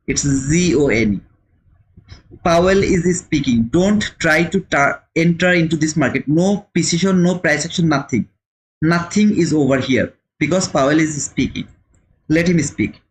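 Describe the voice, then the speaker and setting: This trading livestream host is a man with a slightly high voice and a moderate pace, heard through a low-quality recording. Not a native English speaker, he keeps things casual while answering viewers, with plenty of repeated words.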